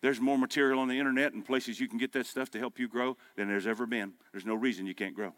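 A man in his fifties preaching a sermon, with punchy exhortation that drops to quiet storytelling. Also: medium pitch, fairly even intonation, fast talker, no room sound. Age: 50s. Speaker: pastor. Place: breakfast meeting room.

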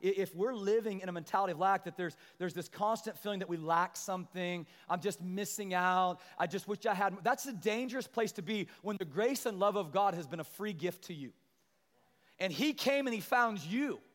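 A male pastor preaching a sermon to his church, animated and building to loud, emphatic peaks as he calls out to the congregation. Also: high voice, a little fast. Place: large church sanctuary. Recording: long church hall reverb.

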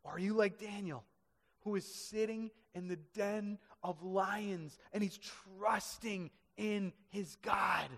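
A man preaching a sermon in an animated way, dropping to quiet and rising to shouts. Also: sits high, slow pace. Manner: animated, swings from hushed to shouting. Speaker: pastor. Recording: echoey hall reverb.

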